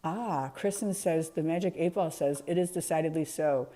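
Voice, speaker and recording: A woman's voice: low voice, normal speed, mellow. A woman chatting casually on a live art stream, laughing often and talking to her chat by name.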